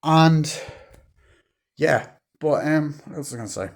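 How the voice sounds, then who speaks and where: A man's voice: fairly high pitch, a little slow, vocal fry. A man casually reviewing a movie, rambling with lots of fillers and acting out lines from scenes.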